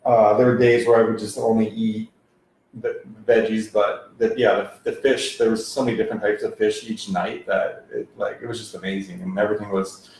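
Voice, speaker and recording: A man's voice: on the low side, flat delivery, brisk, a little mellow. A man telling his story as an interview guest, laid-back and full of fillers. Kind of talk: conversational testimony. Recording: very echoey room with faint background noise.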